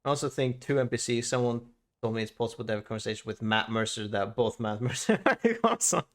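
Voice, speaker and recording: A man's voice: medium pitch, animated, fast, a bit bright. A man streaming a video game, chatting casually, swearing often and reading the game's text aloud. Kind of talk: casual live-stream commentary.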